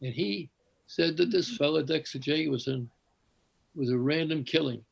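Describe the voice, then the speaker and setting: A man's voice: fairly high pitch, moderate pace, gravelly, husky, low-quality recording. An older man on a video call telling a long, meandering personal story with many fillers and restarts. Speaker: congregation member sharing.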